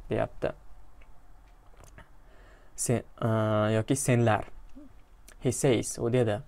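A man from Uzbekistan leads an English lesson, reading a story phrase by phrase and translating as he goes. His voice sits at an ordinary middle pitch. He repeats each phrase slowly and pauses often as he explains it. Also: fairly even intonation, vocal fry, a little mellow. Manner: hesitant, frequent pauses. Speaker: English teacher.

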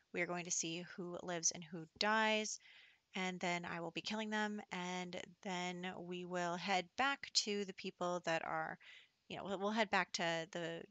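A woman's voice: lowish voice, sharp tone, no room sound. A woman giving casual, chatty commentary over her gameplay, giggling often and slipping into whispered asides.

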